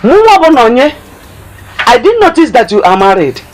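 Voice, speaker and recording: A scornful, money-minded Nigerian mother with an Igbo accent scolds her daughter in a film, a mocking, drawn-out, lively voice. Her pitch swings widely as she taunts. Faint music plays under the dialogue. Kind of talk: film acting.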